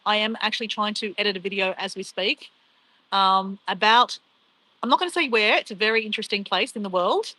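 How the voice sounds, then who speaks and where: A woman's voice: medium pitch, brisk, pushed and bright, dry recording, low-quality recording. Chatty woman live-streaming. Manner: chatty, rambling, laughs often, reads out viewer comments. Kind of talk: casual live stream chat.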